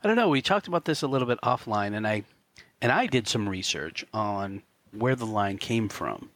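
Man, casual podcast chat, lowish voice, dry close sound. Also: expressive, normal speed, fairly bright tone, no echo. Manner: rambling, many "you know" fillers, explanatory. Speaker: podcast co-host. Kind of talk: casual film commentary chat.

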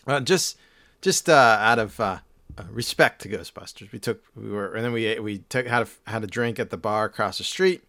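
A podcast co-host tells a rambling story in casual chat, full of fillers and restarts. His voice is on the low side, with a moderate pace and a pushed, bright quality. The recording is dry, with clean studio sound.

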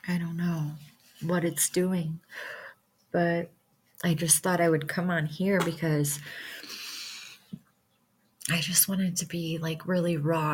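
Husky, slow-spoken woman, close to tears. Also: sits low. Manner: halting, emotional, with many pauses and fillers. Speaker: spiritual vlogger, self-described light worker. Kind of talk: casual reflective talk to viewers.

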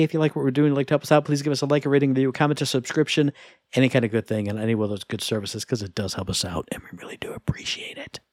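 Male podcast co-host, rambling and jokey, even mid voice, dry sound. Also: medium pitch, dry recording. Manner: joking, rambling, animated. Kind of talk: casual podcast chat.

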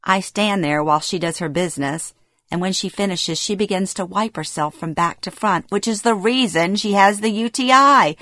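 A middle-aged woman reads her own memoir aloud in the present tense, acting out its dialogue with strong emotion. Her medium-pitched voice is a bit bright and moves at normal speed, recorded at studio quality with no room sound.

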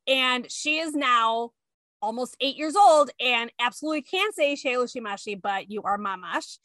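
Woman, high voice, bright tone, animated storyteller, casual chat. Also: normal speed, no echo. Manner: animated storyteller, acts out quotes.

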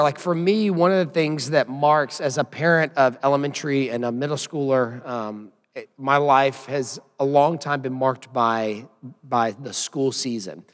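Hoarse pastor in a reverberant hall. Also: male voice, mid-range voice. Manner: casual, rambling, self-deprecating asides. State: hoarse from yelling while coaching. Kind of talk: church announcements and sermon opening.

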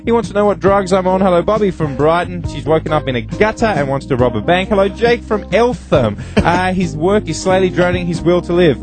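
A man co-hosting a radio show, reading out listener emails in a joking deadpan manner. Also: high voice, a little fast, few pauses, music in the background. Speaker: radio co-host. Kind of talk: casual radio banter.

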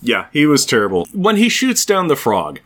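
Chatty man with an animated voice. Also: on the high side, normal speed. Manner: chatty, laughs easily. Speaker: podcast co-host. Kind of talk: casual chat.

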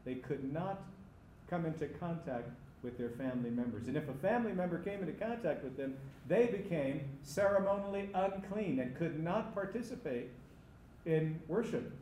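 A man preaching a sermon, emphatic, sometimes rising to loud cries. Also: on the high side, lively intonation, moderate pace, roomy sound, slight background noise.

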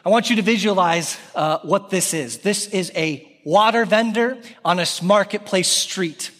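A man in his thirties preaching a sermon as pastor, animated and calling out scripture with raised voice. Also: sits high, moderate pace. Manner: animated, calls out scripture loudly. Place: church sanctuary. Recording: long reverb of a church hall.

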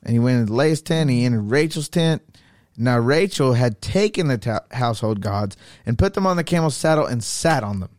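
A man's voice: medium pitch, lively intonation, a little fast, darkish tone, no echo, clean studio sound. A young man co-hosting a casual Bible study podcast, retelling the story animatedly. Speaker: podcast co-host.

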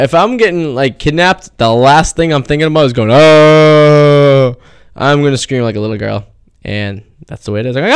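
This young college radio host talks casually from a campus studio, cracking jokes and wandering off topic between clips. Heard through a studio mic, his medium-pitched voice is clean, with no room sound.

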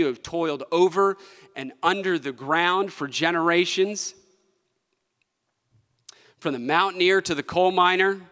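A man's voice: on the high side, bright, forceful tone. Impassioned man at a podium. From West Virginia. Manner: impassioned, emphatic, with repetition for effect. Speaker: state treasurer. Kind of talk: political conference speech. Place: large conference hall. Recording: long hall reverb from a conference room.

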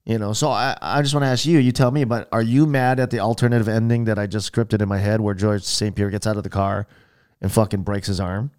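A man's voice: lowish voice, fairly even intonation, a little fast, a little mellow, clean tone. A man from Hawaii co-hosting a casual podcast, telling stories in a rambling, profane way. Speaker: podcast co-host. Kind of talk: casual chat.

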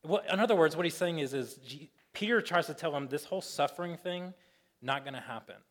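A male pastor preaching in a church sanctuary, his voice a touch higher than most men's. He talks loosely and conversationally, full of ums and uhs. The room gives a long, ringing reverb. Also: fairly quick, fairly bright tone. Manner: conversational, many fillers, playful retellings. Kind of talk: sermon.

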